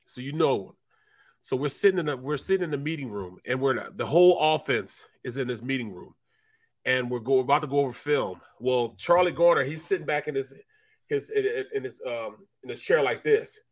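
A man co-hosting a casual sports talk show, telling locker-room stories and acting out teammates with loud, raised voices. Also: medium pitch, brisk. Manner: animated storyteller who acts out teammates with loud raised voices and laughter. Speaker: co-host, former football player.

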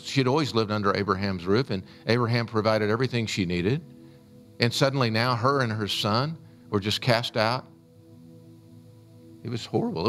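A man preaching a sermon, retelling a scripture story in an earnest, storytelling way. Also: medium pitch. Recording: faint music underneath.

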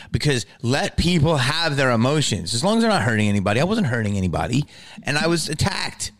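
A man's voice: medium pitch, a bit bright, no room sound, studio quality. A man hosting a podcast, talking over a clip in a profane, self-justifying rant. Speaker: podcast host.

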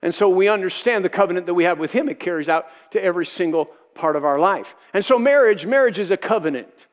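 High-voiced male pastor preaching emphatically. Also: lively intonation, quick pace. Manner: emphatic, repeats key phrases for effect; acts out quoted voices in his preaching. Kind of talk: sermon.

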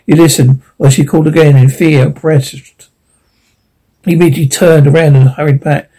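A man narrates a storybook in a mellow, somewhat high voice. His reading is unpolished, with frequent restarts and small slips. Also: steady tone, a little fast, slightly rough, poor audio. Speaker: audiobook reader.

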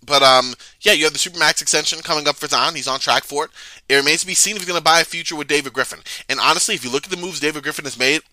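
A man's voice: fairly high pitch, very fast, bright, forceful tone, dry recording. A man hosting a casual sports talk show, chatting loosely with frequent restarts and reading passages aloud. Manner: chatty, stammers and restarts, reads quotes aloud. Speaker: sports podcast host.

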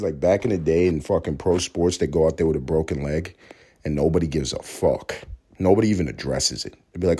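A man's voice: very deep voice, a little fast, warm tone. A man hosting a solo podcast with a sore throat, talking in a profane, rambling way, sometimes like a mock preacher. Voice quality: hoarse. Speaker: podcast host. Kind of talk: casual solo podcast monologue.

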